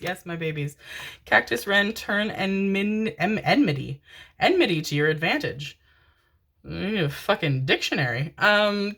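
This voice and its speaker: A young woman with a slightly bright, lowish voice does a pick-a-card tarot reading. Affectionate and giggly, she calls her viewers her babies and swears casually.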